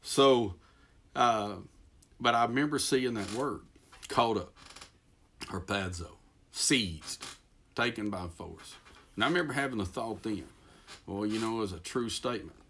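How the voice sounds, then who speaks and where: A man with a deep, low-pitched voice and a Texas accent delivers a sermon in a folksy, rambling way. He pokes fun at himself and circles back to his point with plenty of ums and restarts. He sounds middle-aged. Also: expressive, a little slow, long pauses, fairly bright tone, a little hiss or hum. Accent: Texan. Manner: folksy, self-deprecating, rambling with many fillers and restarts. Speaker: pastor.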